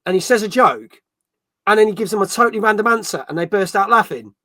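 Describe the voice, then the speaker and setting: A man's voice: high-pitched, animated, fast, bright, forceful tone, no echo, clean studio sound. A man hosting a casual gaming live stream, joking and reading viewer comments aloud. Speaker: podcast host reading chat.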